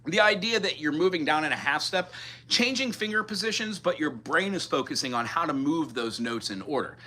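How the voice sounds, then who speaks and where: A man's voice: on the high side, animated, a little fast. A man from the mainland United States teaching guitar in a live-streamed lesson, chatty and thinking aloud as he scats melodies. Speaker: music teacher. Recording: loud guitar under the voice. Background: guitar playing.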